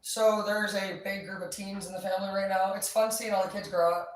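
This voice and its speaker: A woman's voice: mid-range voice, fairly even intonation, a little fast. Chatty, foul-mouthed woman in an echoey space. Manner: chatty, profane, upbeat. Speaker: vlogger. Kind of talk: casual chat. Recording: echoey, distant mic, faint ambient noise.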